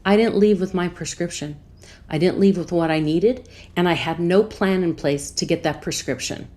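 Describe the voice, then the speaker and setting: A woman podcast host earnestly retelling a personal story, acting out both sides of a conversation. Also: fairly low pitch. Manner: earnest, calm, measured.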